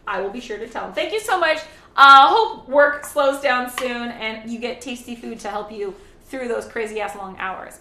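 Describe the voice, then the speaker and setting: A woman's voice: a little high, pushed and bright, echoey room, slight background noise. A woman hosting a casual charity live stream from her home kitchen. She chats while cooking, rambles, and greets viewers and reads their chat aloud.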